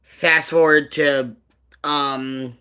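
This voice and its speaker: A man hosting a livestream, telling a personal story in a rambling, halting way with many fillers, subdued and emotional over painful memories. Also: a little high, little pitch movement, pushed and bright, clear, resonant tone. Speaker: livestream host.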